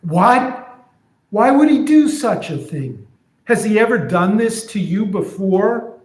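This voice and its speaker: A man voicing an indignant, protective friend who scolds and insists, in a much higher and louder voice than his own, in an echoey room. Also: lively intonation, slow. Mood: outraged. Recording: roomy echo.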